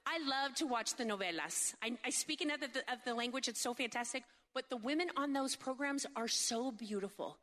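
A woman delivering a humorous sermon in a high, bright voice, animated and jokey, full of quick asides. She keeps checking in with the crowd through rhetorical questions. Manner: seeks agreement with frequent rhetorical questions. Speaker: speaker at a faith event.

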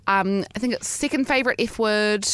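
A woman's voice: medium pitch, moderate pace, a bit bright, clean tone, dry recording. A woman co-hosting a podcast in casual, teasing chat, laughing often. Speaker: podcast co-host.

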